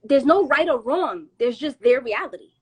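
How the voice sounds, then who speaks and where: A high-pitched woman talks in a loose, animated way, jumping into other people's voices as she tells the story. Her talk is full of street slang and swearing, easy and conversational. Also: moderate pace, breathy edge. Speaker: podcast host. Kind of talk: casual storytelling chat.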